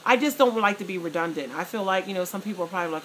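Brief: woman vlogger, excited and gushing, casual chat to her fans, mid-pitched voice, faint noise behind. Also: quick pace, rough recording. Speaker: vlogger and plus-size model.

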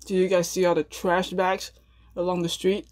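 A woman's voice: fairly low pitch, level tone, normal speed, a little mellow. A young woman chatting casually to her viewers between mouthfuls as she hosts an eating video. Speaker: mukbang eating channel host.

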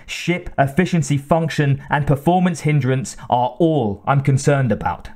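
A man's voice: mid-range voice, measured pace, a little mellow, close to an everyday voice. A man voicing a tense, focused male ship captain who asks short, pointed questions. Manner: terse, questioning.

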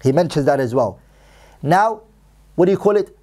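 A man teaching a religious lecture, quickly reciting Arabic texts and then translating them with emphatic repetition. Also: a little high, lively intonation, darkish tone. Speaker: Islamic teacher.

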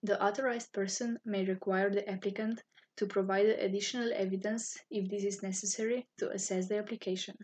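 Breathy-voiced woman. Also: mid-range voice, fairly quick. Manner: formal, even-toned reading. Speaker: university student office staff. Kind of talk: scripted informational narration.

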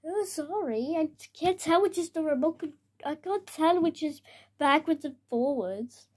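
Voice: high voice, animated, unhurried. A child voicing a clumsy, whiny plush bunny who keeps apologizing in a plush toy video. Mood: apologetic.

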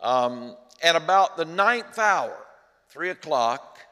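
A male pastor preaching a sermon in a church, speaking earnestly, rising loud on quoted cries and dropping low and hushed at tender moments. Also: animated, slow pace. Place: church sanctuary. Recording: long hall reverb.

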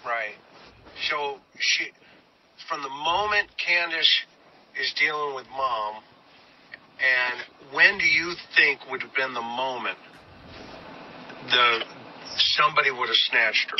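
Interviewer, man: sharp, bright tone, tentative questions, dull lo-fi sound with faint hiss. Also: mid-range voice, takes it slowly, long pauses. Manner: tentative, probing.

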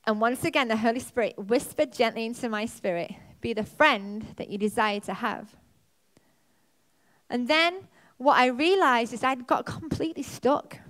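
A woman preaches to her church with a fairly high voice. She tells her story with animation, her pitch leaping as she relives the moments. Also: a bit bright. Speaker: pastor. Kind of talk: sermon. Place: church auditorium.

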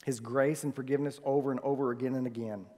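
A male pastor preaching a sermon, swinging from loud emphasis to soft, hushed phrases. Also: mid-range voice, steady tone, fast talker. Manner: swings from loud emphasis to near-whispered softness. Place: church sanctuary. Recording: long reverb of a church hall.

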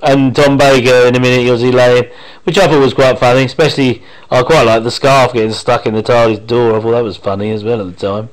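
This is casual fan commentary over a favorite episode, captured on a home mic with a rough sound. The man has an ordinary middle-pitched voice and talks fast. He rambles happily, drops thoughts halfway through and circles back to them.

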